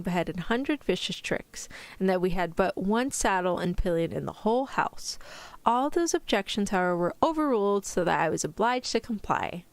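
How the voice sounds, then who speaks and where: Soft-spoken woman in a put-on British accent. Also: medium pitch, dry recording. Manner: careful, deliberate pronunciation. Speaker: vtuber streamer. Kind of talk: soft-spoken ASMR reading.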